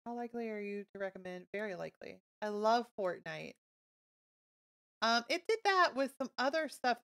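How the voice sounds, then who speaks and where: Woman, live game streamer, casual chat, bubbly and gushing, bright clear voice. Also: a little high, moderate pace. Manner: bubbly, gushing and easily excited.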